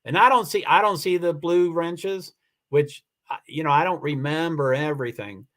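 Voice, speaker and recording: A man with a slightly higher voice hosts a casual livestream over a computer mic. He rambles and restarts his sentences as he answers viewer comments, upset and close to tears. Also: normal speed, a bit bright. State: emotional, near tears. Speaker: livestream host. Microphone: computer mic for a live stream.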